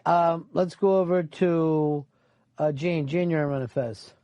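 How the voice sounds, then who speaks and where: A man's voice: on the high side, fairly even intonation, slow pace, mellow, dull audio. A man hosting a talk radio show, bantering bluntly and casually with callers. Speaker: radio host.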